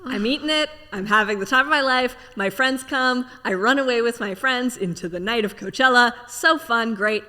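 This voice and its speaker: Bright-voiced woman telling a story. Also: fairly high pitch. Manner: animated, laughing often, fast storyteller. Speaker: podcast guest. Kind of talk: casual chat, storytelling. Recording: long reverb.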